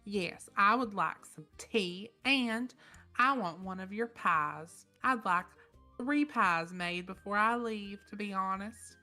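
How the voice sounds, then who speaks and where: A woman's voice: mid-range voice, slow pace, sharp tone, soft background music. A woman voicing a cheeky, chatty adventurer who demands tea and pies.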